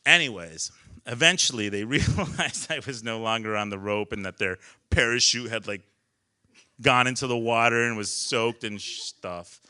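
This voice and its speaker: A man telling a personal story on a small live stage, animated, laughing often and swearing casually. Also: medium pitch, moderate pace, smooth.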